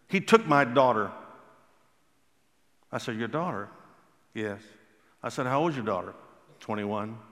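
A man preaching a sermon, telling stories and stressing key words slowly and emphatically. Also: mid-range voice, a bit bright. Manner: storytelling, emphatic with slow drawn-out stresses. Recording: long hall reverb.

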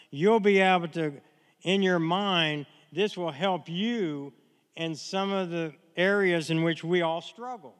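Earnest preacher man, slow stressed words. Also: a little high, smooth, long reverb tail. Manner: earnest, repetitive, slows to stress key words. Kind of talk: sermon.

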